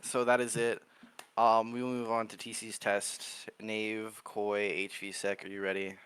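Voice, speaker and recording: Smooth-voiced young man hosting. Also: fairly low pitch, monotone, a little slow, a bit bright. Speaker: podcast host running segments. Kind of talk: casual podcast chat.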